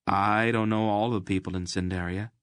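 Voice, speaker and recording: A man's voice: fairly low pitch, fairly even intonation, moderate pace, fairly bright tone, clean tone, dry recording, clean studio sound, close to an everyday voice. A man voicing a blunt, proud young farm boy in an audiobook. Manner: blunt, matter-of-fact.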